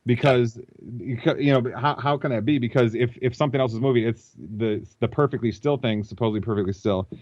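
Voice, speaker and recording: A man's voice: mid-range voice, fairly quick, darkish tone, dull audio, slight background noise. A man as an interview guest, thinking aloud and explaining at length over a computer call. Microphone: computer mic.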